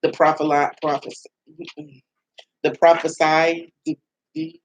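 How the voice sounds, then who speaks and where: A middle-aged woman as a radio show guest, talking in a rambling, animated way with many restarts and laughs. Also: low voice, slow pace, gravelly, low-quality recording. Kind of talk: casual heartfelt radio conversation.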